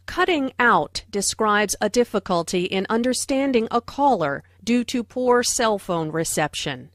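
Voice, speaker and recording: A woman narrating language notes for an English lesson, speaking slowly and clearly. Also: on the high side, animated, fairly bright tone, dry recording, studio quality. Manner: slow, clear teaching delivery. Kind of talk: scripted narration.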